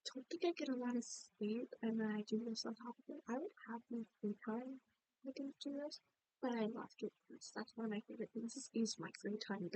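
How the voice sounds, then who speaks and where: Young woman, college student, casual voice-over, rambling and candid, fairly high voice, mellow dry sound. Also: dry recording, rough recording. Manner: rambling, candid, tired and apologetic. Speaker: college student and game creator. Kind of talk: casual voice-over chat over a game build. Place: at home by a laptop.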